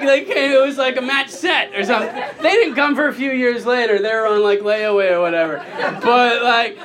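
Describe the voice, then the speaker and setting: High-voiced laughing stand-up comedian man. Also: background noise. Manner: laughing storyteller, acts out quotes with sudden high squeals. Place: comedy club stage with live audience. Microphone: handheld microphone. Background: crowd laughing.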